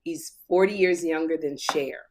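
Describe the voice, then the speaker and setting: A woman in her thirties co-hosting a casual podcast chat, telling animated stories and slipping into impressions. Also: low-pitched, moderate pace. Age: 30s. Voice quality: animated storyteller who slips into impressions. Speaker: podcast co-host.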